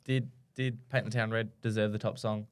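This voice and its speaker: Young Australian male podcast co-host, slightly low voice, loose rambling storyteller. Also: level tone, moderate pace. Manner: rambling storyteller with many restarts. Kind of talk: casual chat.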